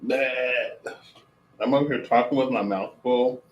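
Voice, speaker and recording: A man streams casually from home while cooking and eating, rambling on and amusing himself, sometimes talking with his mouth full. His medium-pitched voice is unhurried, and the sound is roomy and lo-fi.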